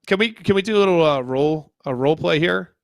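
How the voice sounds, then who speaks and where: A man co-hosting a casual sports podcast, mocking and ranting in quick questions and laughing often. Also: on the high side, vocal fry, dry recording. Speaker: podcast co-host.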